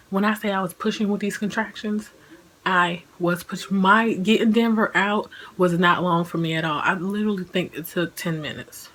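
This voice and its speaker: A woman's voice: mid-range voice, steady tone, normal speed, fairly bright tone, a little hiss or hum, low-quality recording. Chatty young woman telling a story. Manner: chatty, lots of "like", laughs as she talks. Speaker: vlogger. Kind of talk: casual personal storytelling.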